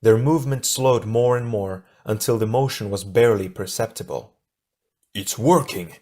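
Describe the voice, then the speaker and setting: A man narrating an adventure audiobook in a steady, measured storytelling voice. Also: lowish voice. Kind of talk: scripted narration.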